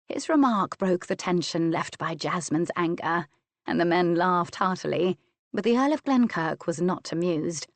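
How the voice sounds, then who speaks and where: Woman narrating an audiobook, low and dry. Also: expressive, normal speed, no echo. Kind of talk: scripted narration.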